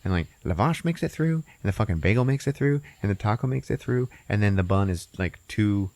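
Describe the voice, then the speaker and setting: A man's voice: lowish voice, lively intonation, brisk, darkish tone, no echo. A man hosting a podcast, rambling and swearing as he recaps a movie. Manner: rambling, laughing, profane. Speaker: podcast host.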